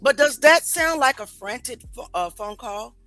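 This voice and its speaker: A woman's voice: fairly high pitch, animated, moderate pace, sharp tone, dry recording, faint music behind, rough recording. A woman hosting a casual commentary stream, questioning what she hears and asking viewers what they think. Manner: skeptical, rhetorical questions to viewers. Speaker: commentary show host.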